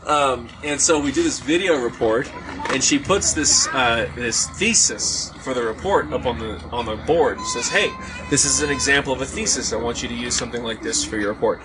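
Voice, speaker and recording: A man with a middle-pitched voice tells a story in a relaxed, casual way to friends around an outdoor fire. He is from Hawaii and slips into quoted voices as he goes. Steady background noise from the gathering comes through the recording. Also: normal speed. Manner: animated, acts out quoted voices. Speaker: podcast host telling a story.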